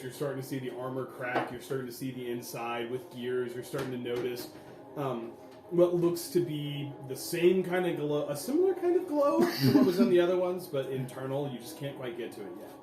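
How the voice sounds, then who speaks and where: A man's voice: medium pitch, moderate pace, echoey room, over music. A man narrating as game master, describing the scene with frequent restarts.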